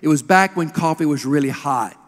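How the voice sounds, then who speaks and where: A middle-aged man preaching with a slightly raised voice, recounting stories in earnest. His tone drops low and soft at emotional points. The sound carries a long reverb from a large hall. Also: brisk. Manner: earnest storytelling, drops to a hush at emotional moments. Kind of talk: sermon.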